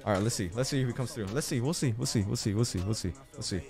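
A young man livestreaming, chatting casually to his viewers and swinging between yelled rants and low mumbling. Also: very fast, vocal fry, faint music behind.

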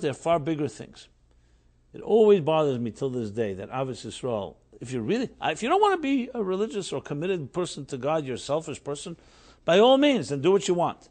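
A middle-aged man, a rabbi, giving a Torah class, telling a story with emphatic rises and animated delivery. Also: mid-range voice.

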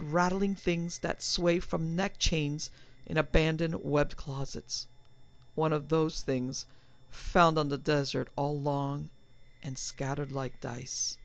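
A woman reading a horror story aloud in a measured, dramatic narration. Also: low-pitched, dry recording. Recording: slightly dull, dry recording.

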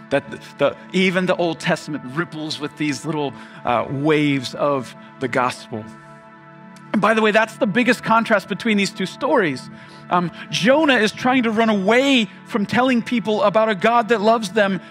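Pastor guy preaching, lively and laughing a lot, acts out bible characters, soft music under it. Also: a little high, moderate pace, pauses often. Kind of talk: sermon.

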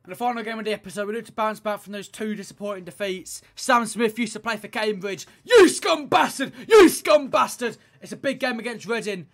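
A young man giving play-by-play commentary on his own football video game, swinging between low grumbling and shouted excitement. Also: fast talker, few pauses. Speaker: gaming YouTuber playing football career mode.

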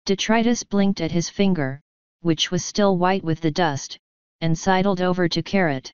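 Woman reading an audiobook, steady, low-ish, super clear dry sound, a bit dull. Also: moderate pace, no echo. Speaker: audiobook narrator.

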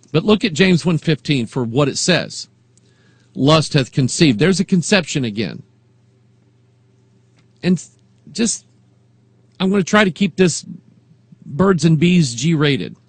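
A man preaching a sermon as pastor, moving between quiet reflection and rising, emphatic delivery. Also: fairly high pitch, husky, no room sound.

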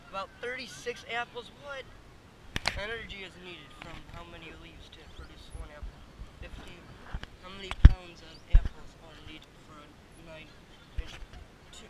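A man's voice: high-pitched, normal speed. A man vlogging a family farm outing, teasing the animals playfully and reading signs aloud. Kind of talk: casual handheld vlog commentary. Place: outdoors at a farm orchard. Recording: loud outdoor noise on a camera mic.

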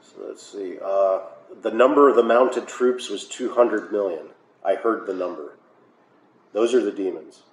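American man, pastor teaching bible study, low voice, roomy echo, faint hiss. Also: measured pace. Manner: conversational, with filler uhs and wry asides. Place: church hall. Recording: echoey room, faint noise.

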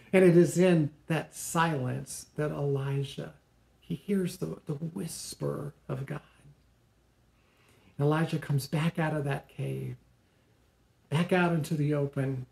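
A male pastor preaching a sermon, retelling a story dramatically with pauses and restarts. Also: on the high side, creaky, reverberant. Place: church sanctuary.

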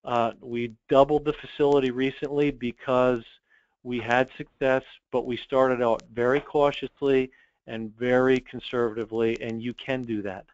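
A man's voice: mid-range voice, little pitch movement, moderate pace, no echo, muffled recording. A man who owns an online store, talking directly and confidently as a guest in a business interview, with frequent ums. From United States.

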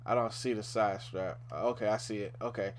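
A man's voice: lowish voice, fairly even intonation, a little fast, soft background music. A young man giving a laid-back, casual walkthrough of a video game, thinking aloud with frequent "man" and "um". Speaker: gaming YouTuber. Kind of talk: casual game tutorial commentary.

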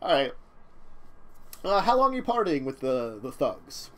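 A man's voice: mid-range voice, very animated, a little slow. A man running a tabletop game on stream, narrating casually, rambling and laughing often. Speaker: game master.

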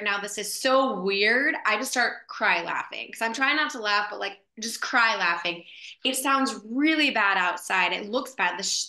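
A woman actress, a guest in an interview, telling a story in a casual, animated way with lots of fillers. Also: fairly high pitch. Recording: echoey room.

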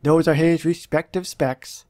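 A man's voice: on the high side, fairly even intonation, a little slow, darkish tone. A man, a YouTuber, giving chatty and amused commentary over a mobile game walkthrough, recorded close on a dry mic. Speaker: gaming YouTuber.

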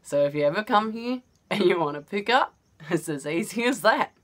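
A woman's voice: medium pitch, expressive, moderate pace, a bit bright. A woman with an Australian accent casually telling a personal story, chatty and often laughing as she goes. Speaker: vlogger.

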